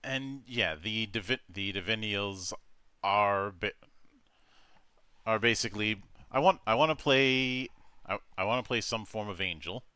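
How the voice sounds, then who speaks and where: A man's voice: lowish voice, a little slow, pushed and bright, clean tone, no room sound. A man hosting a tabletop game stream, reading rules with many fillers and restarts. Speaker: game master.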